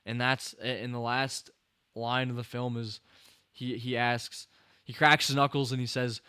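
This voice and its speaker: In a dry, clean studio recording with no room sound, a young podcast host speaks at medium pitch and moderate pace, his bright, forceful, clear and resonant voice delivered flatly. He rambles casually about a film with many restarts and fillers, sounding a little tired and yawning.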